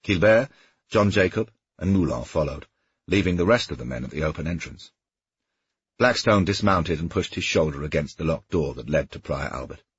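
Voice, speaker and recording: Deep husky male audiobook narrator. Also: moderate pace, dry recording, muffled recording. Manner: steady storytelling. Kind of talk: scripted narration.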